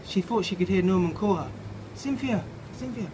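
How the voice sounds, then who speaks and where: A slightly drunk man reading his own story aloud outside a pub, halting and playful, with restarts and swearing. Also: high voice, fairly even intonation. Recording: noisy outdoor pub ambience.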